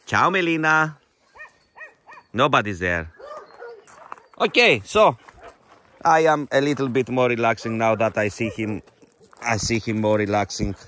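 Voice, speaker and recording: Bright-voiced man coaxing shelter dogs. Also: mid-range voice, lively intonation, slight background noise. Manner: fond, coaxing talk to the dogs; halting, non-native English phrasing. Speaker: animal shelter founder. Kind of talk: casual vlog narration. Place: animal shelter.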